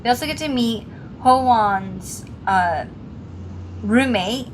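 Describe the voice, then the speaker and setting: A woman co-hosting a casual chat about a drama episode, retelling scenes with lively acted-out quotes. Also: fairly high pitch, slow, a little hiss or hum, rough recording. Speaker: co-host discussing a drama episode.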